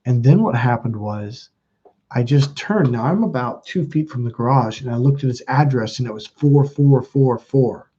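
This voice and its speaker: A man's voice: normal speed, mellow, husky, highs cut off. A young man hosting his own channel, telling a painful personal story in a raw, profane and intense way. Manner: raw, profane and intense, voice climbing high when quoting others. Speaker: channel host.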